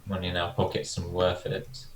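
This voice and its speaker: Deep, flat male voice from afar. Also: moderate pace. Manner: flat, matter-of-fact planning. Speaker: player. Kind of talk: tabletop role-play. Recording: distant echoey room.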